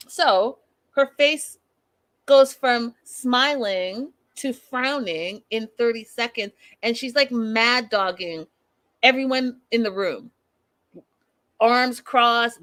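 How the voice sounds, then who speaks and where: A woman hosting a casual reality-show recap, sassy and animated, acting out what people said. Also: on the high side, no room sound. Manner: animated, sassy, acts out quotes.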